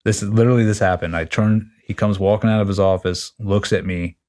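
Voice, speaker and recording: Deep-voiced blunt middle-aged man. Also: fairly quick. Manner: animated, acts out quoted dialogue; blunt, lightly profane. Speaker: podcast guest. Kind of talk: casual storytelling.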